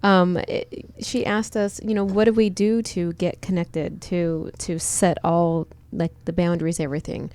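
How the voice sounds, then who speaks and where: A woman's voice: lowish voice, level tone, unhurried, few pauses, a little mellow, smooth, no room sound. A woman in a casual podcast chat, giggly and rambling as she lists things.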